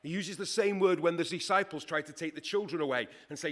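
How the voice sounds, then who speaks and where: A man preaching a sermon in a conversational, emphatic way, with dramatic pauses. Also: fairly high pitch, a bit bright.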